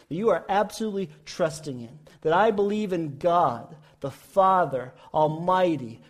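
A man in his forties preaching a sermon, telling stories with impassioned rises and quiet falls. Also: a little high. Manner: impassioned storytelling, rising and falling intensity. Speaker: pastor.

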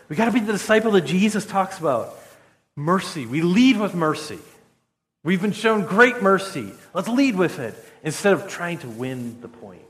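Male pastor, standing, chatty sermon delivery with restarts; long hall reverb. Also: fairly high pitch. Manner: conversational, repeats words when restarting. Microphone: standing while speaking.

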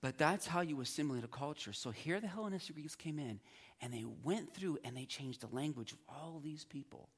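A man's voice: on the high side, animated, a little fast, slightly rough. Man teaching a Bible class. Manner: conversational, acts out students' reactions.

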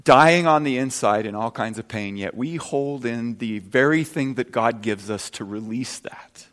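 A pastor in his fifties preaches earnestly at a measured pace, his voice trailing off in a long reverb tail. He drops soft and low, then rises loud and emphatic.

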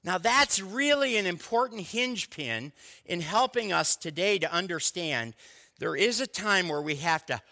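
A man preaching a sermon from the pulpit, with slow, emphatic stresses on key words. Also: sits high, lively intonation, vocal fry, bright, forceful tone. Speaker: pastor. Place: church sanctuary. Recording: long hall reverb.

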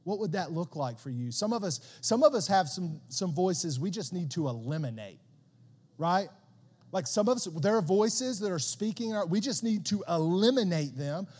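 A high-voiced pastor delivers a sermon in a casual, animated way at normal speed, talking to the congregation like friends and stumbling over repeated words as he pushes a point. The long reverb of a church hall rings around his voice.

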